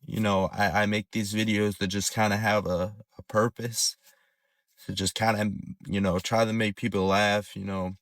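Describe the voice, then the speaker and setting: Brief: low-voiced man, hesitant vlog talk with restarts, dry close sound. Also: little pitch movement, a bit bright, no echo. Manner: halting, hesitant, repeating words. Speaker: content creator. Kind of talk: casual vlog confession.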